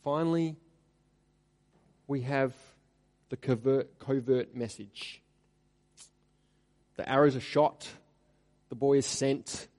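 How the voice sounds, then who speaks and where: A man preaching an expository sermon, reading scripture aloud with rising emphasis and then dropping to quiet asides. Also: mid-range voice, takes it slowly, long pauses. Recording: long hall reverb.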